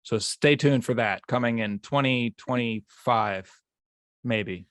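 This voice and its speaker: Man, podcast host, casual rambling chat, mid-pitched voice, dry close sound. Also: slow, dry recording. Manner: chatty and rambling, stumbles over words.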